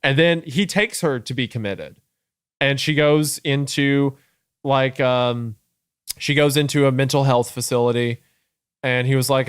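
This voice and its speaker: A man's voice: mid-range voice, fairly even intonation, unhurried, clear, resonant tone, no room sound, studio quality. A young man co-hosting a podcast, thinking aloud in casual discussion with fillers and restarts. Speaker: podcast co-host.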